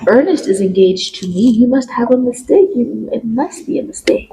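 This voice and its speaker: A woman co-hosting a podcast, chatting casually as she retells a play's plot and acts out the quotes in a higher voice. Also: lively intonation, moderate pace, mellow, slight background noise, poor audio. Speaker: podcast co-host. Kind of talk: casual chat recapping a play.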